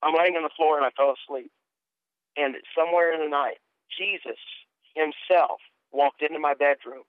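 Middle-aged preacher on a tinny phone line. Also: male voice, fairly high pitch, moderate pace, clear, resonant tone, no room sound. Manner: earnest, repeats words when starting sentences. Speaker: guest preacher. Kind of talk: personal testimony storytelling.

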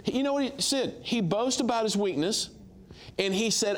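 A middle-aged man, a guest minister, telling lively stories on a talk show and acting out dialogue with laughs. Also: high-pitched, normal speed. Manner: animated storyteller, acts out dialogue, laughs. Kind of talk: storytelling testimony on a talk show.

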